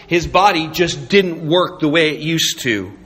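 A man preaching a sermon to his congregation, animated and joking, with asides to the listeners. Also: a little high, measured pace, in a large hall, a little hiss or hum. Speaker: pastor.

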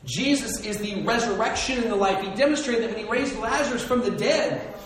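Male preacher, high voice, animated and dynamic; distant mic, very echoey church hall. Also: a little fast. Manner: animated storytelling, swings between loud and hushed. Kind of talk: sermon.

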